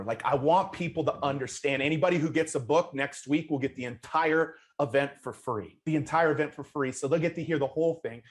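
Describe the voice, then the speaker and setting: A man of middle pitch hosts an interview. He talks casually and earnestly and keeps restarting his phrases as he goes. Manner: earnest, loose with frequent restarts. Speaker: host.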